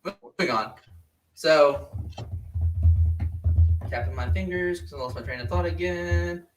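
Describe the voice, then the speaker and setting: A man's voice: a little high, measured pace, far from the mic, soft background music. A man hosting a podcast in casual chat, rambling and joking, recorded in an echoey room away from the mic. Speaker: podcast host.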